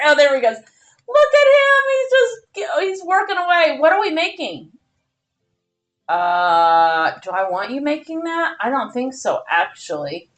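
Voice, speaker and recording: Chatty woman streaming a farming game. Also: mid-range voice. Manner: chatty, animated, exclaims often. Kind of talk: live gameplay commentary.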